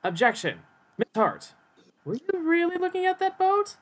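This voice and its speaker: A man reading an earnest young defense attorney from a video game, with lively, pressing delivery. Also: extremely high pitch, moderate pace, pitched above the performer's own voice, full character voice. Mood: accusing.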